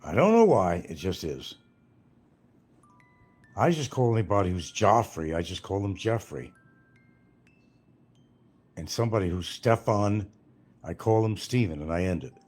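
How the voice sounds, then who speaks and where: Husky, low-voiced older man rambling. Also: big pitch swings, a little slow, long pauses, a little mellow. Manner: meandering, swears freely, jumps between topics. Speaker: livestream host. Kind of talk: casual rambling monologue.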